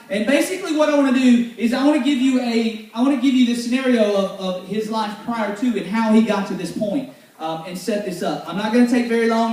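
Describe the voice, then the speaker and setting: A man preaching a casual, joking sermon to a youth group in a church hall. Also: very high voice. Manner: joking, loud and animated, teasing the sound crew. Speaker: youth pastor. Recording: echoey hall, voice far from the mic.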